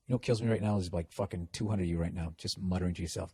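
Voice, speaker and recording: A man's voice: low voice, rapid-fire, mellow, breathy edge. A middle-aged man with a Boston accent, a podcast host who rants sarcastically and bluntly while answering listener letters. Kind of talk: comedic podcast rant.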